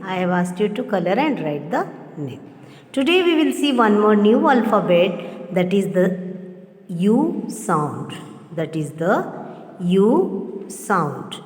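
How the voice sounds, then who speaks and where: A woman teacher with an Indian accent giving a phonics lesson, spelling out each word letter by letter and repeating it slowly. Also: mid-range voice, a little mellow. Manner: slow, drilled repetition of letters and words. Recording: echoey, reverberant room.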